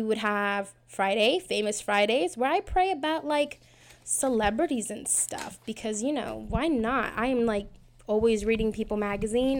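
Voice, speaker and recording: She's a twenty-something woman running her own prayer podcast, talking loosely and self-deprecatingly with lots of filler words. Her voice is medium in pitch and somewhat dark in tone.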